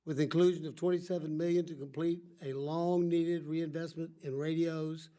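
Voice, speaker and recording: A man's voice: a little high, little pitch movement, normal speed, dark tone. An older man with a congested voice from allergies, chairing a formal hearing and giving opening remarks with rambling, self-correcting asides. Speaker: subcommittee chairman.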